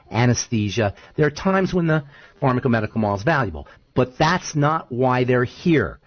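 A man hosting a talk radio show, chatting casually and telling stories in an animated, argumentative way. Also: medium pitch, no room sound, dull audio. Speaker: show host.

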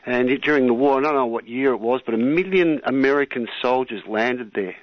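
A man's voice: medium pitch, fairly quick, dry recording. A man with an Australian accent, calling in to a radio show and chatting in a rambling way, often saying "mate" and "you know". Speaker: caller. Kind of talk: phone-in call to a radio show. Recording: dull, dry phone-call sound.

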